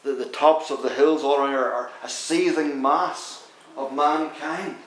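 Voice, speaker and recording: A man delivers a sermon as a vivid story told in the second person. His voice sits somewhat high, and he builds tension and slows down to stress key moments. The sound carries a noticeable room echo. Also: steady tone.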